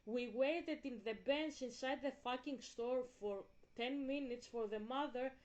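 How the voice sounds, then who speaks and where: Candid woman vlogger, higher voice. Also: unhurried, darkish tone, muffled recording. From Greece. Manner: candid, rambling, swears casually. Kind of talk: casual storytelling vlog.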